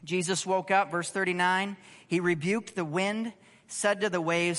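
A man preaching a sermon, conversational and animated, asking the congregation rhetorical questions. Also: high voice, unhurried, in a large hall. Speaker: pastor.

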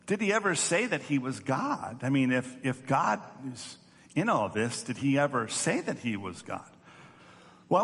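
A man's voice: mid-range voice, fairly bright tone. A male pastor giving an earnest teaching sermon, often repeating words as he restarts. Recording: long hall reverb.

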